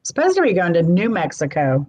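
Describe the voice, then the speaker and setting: A woman with a Midwestern American accent hosting a casual live-stream chat, talkative and quick to laugh. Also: on the low side, sing-song, a little mellow, breathy edge, rough recording. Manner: chatty, laughs often. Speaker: host.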